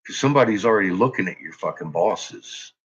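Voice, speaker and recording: A man's voice: low-pitched, expressive, fairly quick, breathy edge. A man hosting his own channel, ranting angrily into the camera with profane, threatening outbursts, jittery and tense. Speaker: channel host. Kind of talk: angry ranting monologue. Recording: dull lo-fi recording.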